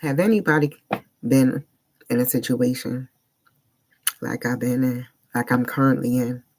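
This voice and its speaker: Man, personal vlog monologue, earnest, halting phrases, unsettled, mid-pitched voice. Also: fairly even intonation, a little mellow, a little hiss or hum. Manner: earnest, searching, talks in short halting phrases. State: emotionally unsettled. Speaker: vlogger.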